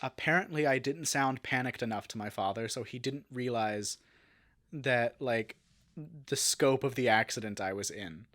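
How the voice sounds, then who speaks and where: A young man talks through a story as an interview guest, at an average pitch. His telling is animated and loose, full of fillers, quick restarts and acted-out quotes. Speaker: guest, actor.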